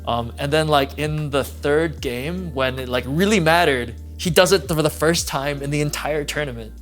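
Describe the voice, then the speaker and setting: A man's voice: fairly high pitch, normal speed, fairly bright tone, faint music behind. A man co-hosting a casual chat podcast, explaining things step by step with many "um" fillers. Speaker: podcast co-host.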